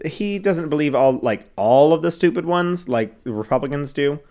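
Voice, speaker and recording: Animated podcast co-host, man. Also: on the high side, moderate pace. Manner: animated, laughs often, playful repetition. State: under the weather. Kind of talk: casual chat.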